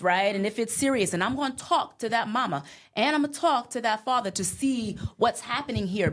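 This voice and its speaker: A woman guest on a podcast, talking with emphatic conviction and faith. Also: medium pitch. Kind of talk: casual conversation.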